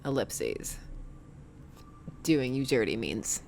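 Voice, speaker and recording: A woman voicing a sly, menacing male cult leader in a video game, talking in a low, taunting, mock-casual way. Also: big pitch swings, slow pace, vocal fry, darkish tone, faint music behind, heavily acted. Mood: mock-regretful.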